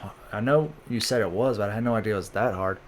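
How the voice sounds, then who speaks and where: A man's voice: fairly low pitch, fast talker, slight background noise, lightly acted. A man reading the lines of an anxious young woman in a casual manga recap. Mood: worried.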